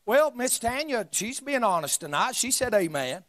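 A man preaching a sermon in a church, shouting emphatic lines and dropping into joking asides. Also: high voice, expressive, moderate pace, no echo. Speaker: pastor. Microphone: live stream mic.

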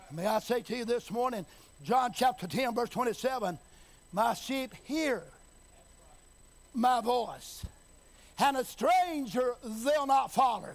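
A man preaching a sermon, building to shouted, chanting emphasis and then dropping quiet, folksy, repeating phrases and asking the congregation if they hear him. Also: extremely high pitch, lively intonation, takes it slowly, vocal fry, long pauses.

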